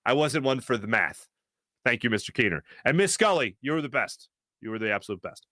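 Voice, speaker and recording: Bright-voiced rambling talk show host. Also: male voice, medium pitch, brisk, no room sound, studio quality. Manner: rambling storyteller, many fillers, animated asides. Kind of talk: casual talk show chat.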